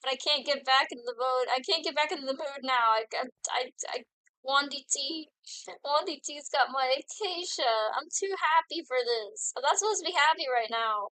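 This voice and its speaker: A woman's voice: sits high, moderate pace, sharp tone, no room sound, low-quality recording. A young woman streaming a game, chatting casually and giddily to herself and her chat as she plays. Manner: giddy, rambling, talks to herself while playing.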